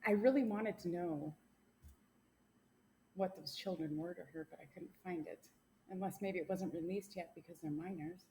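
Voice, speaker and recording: A woman's voice: lowish voice, moderate pace, mellow, a little hiss or hum. A woman co-hosting a casual podcast, presenting the case and teasing her co-host. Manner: playful, teasing, jokey. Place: small home podcast room.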